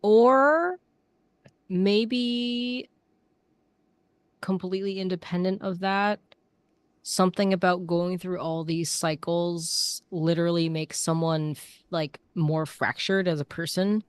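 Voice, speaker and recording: A woman with a notably low voice pitches ideas for a tabletop game, thinking aloud as she goes. The sound is dry and close, with no room echo. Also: slow. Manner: brainstorms eagerly, thinking aloud. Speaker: player. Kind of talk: collaborative worldbuilding discussion.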